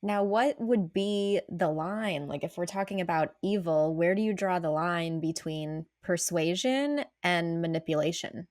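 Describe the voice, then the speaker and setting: Low-voiced woman podcast host. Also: measured pace, few pauses, darkish tone. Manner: engaged, curious questioning. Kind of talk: interview questions.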